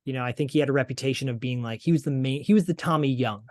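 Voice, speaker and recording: A man's voice: mid-range voice, rapid-fire, a little mellow, no room sound. A man hosting a podcast, casually recapping with frequent fillers and restarts. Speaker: podcast host. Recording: dry close podcast sound.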